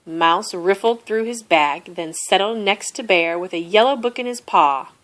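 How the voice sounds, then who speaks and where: A woman with a mid-range voice reads a children's picture book aloud. Her storytelling is slow and expressive.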